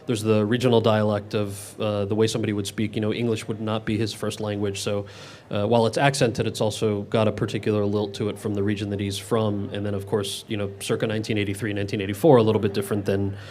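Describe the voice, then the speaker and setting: Fast-talking man at an audience Q&A. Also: fairly low pitch, flat delivery, a little mellow. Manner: talks fast with many quick restarts. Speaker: actor answering audience questions. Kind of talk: casual Q&A answers.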